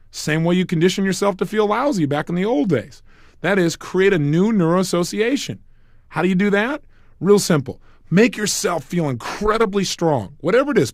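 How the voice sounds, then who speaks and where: Lively, emphatic high-pitched male coach. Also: no room sound, clean studio sound. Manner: emphatic, repetitive, storytelling. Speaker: motivational speaker. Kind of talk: recorded self-help audio program.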